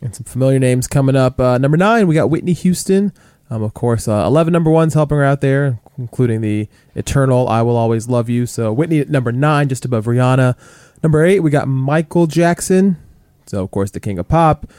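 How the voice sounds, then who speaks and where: A man's voice: mid-range voice, lively intonation, brisk, darkish tone, clear, resonant tone, dry recording, clean studio sound. A man co-hosting a casual chart countdown podcast, chatty and full of fillers. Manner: chatty, many fillers like "you know" and "like".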